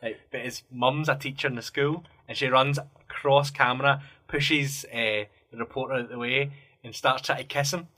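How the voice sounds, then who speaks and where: Man, podcast co-host, wry and halting, bright tense voice. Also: mid-range voice, steady tone. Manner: hesitant, wry, laughs often. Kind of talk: casual banter.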